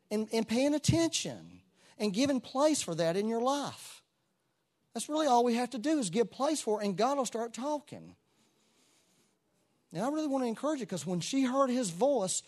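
A man preaches in a church, his slightly high voice rising and falling in lively swings. He drops to near-whispers for asides, then climbs to loud, ringing exclamations. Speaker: pastor. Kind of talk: sermon. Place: church sanctuary with congregation.

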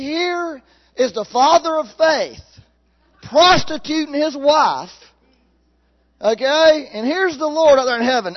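Animated, high-pitched folksy preacher. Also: male voice, slow, highs cut off. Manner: animated, folksy, laughs at own jokes. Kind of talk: sermon.

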